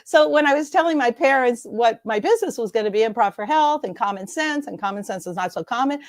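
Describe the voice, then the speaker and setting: Middle-aged woman guest, quick and bubbly, laughs a lot, dry close recording. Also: on the high side, lively intonation, dry recording. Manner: fast-talking, bubbly, laughs often. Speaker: guest speaker. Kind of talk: lively interview chat.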